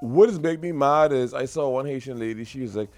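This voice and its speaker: A man co-hosting a casual talk show, animated, his voice jumping high when he makes a point. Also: brisk. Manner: animated, pitch jumps high when emphatic. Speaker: podcast co-host. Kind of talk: casual chat.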